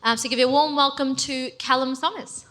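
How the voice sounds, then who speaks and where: A woman's voice: high-pitched, steady tone, a little fast, background noise. A woman hosting an event and introducing the next speaker, upbeat, with frequent ums. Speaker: event host. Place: conference stage.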